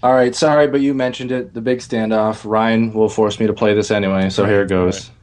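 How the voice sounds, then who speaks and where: A man's voice: fairly low pitch, steady tone, fairly quick, darkish tone. A man co-hosting a podcast in casual chat, asking probing questions and adding brief agreements.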